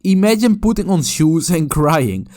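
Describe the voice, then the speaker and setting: A man's voice: fairly high pitch, very animated, measured pace, darkish tone. A man giving mocking, profane reaction commentary on a video clip. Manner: sarcastic, profane and scornful.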